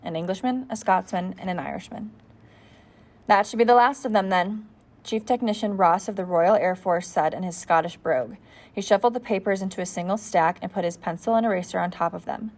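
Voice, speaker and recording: A woman's voice: fairly low pitch, brisk, darkish tone. Woman reading a novel aloud. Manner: plain reading with small slips and restarts. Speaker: audiobook reader. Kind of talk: read-aloud narration of a novel.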